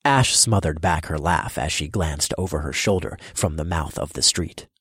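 A man giving measured first-person narration of a fantasy audiobook, turning commanding for his own character's lines. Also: rumbling low, fairly bright tone, breathy edge, dry recording, clean studio sound.

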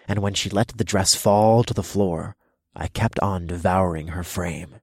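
Deep-voiced husky male narrator. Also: dry recording, studio quality. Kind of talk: erotic audiobook narration.

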